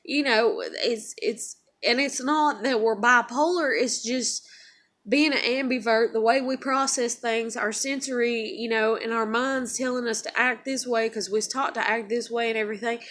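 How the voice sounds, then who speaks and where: A woman's voice: a little high, steady tone, normal speed. Profane, fired-up woman vlogger. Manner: heated, profane venting; emotional, wavers between quiet and loud. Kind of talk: casual confessional vlog.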